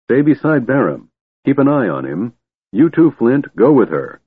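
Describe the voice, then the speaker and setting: A man's voice: medium pitch, big pitch swings, moderate pace, slightly rough, no echo, voice pushed up. A man voicing a weary half-elf male archer leader who gives terse, barked orders in an audiobook. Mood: commanding. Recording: tinny phone-like, dry.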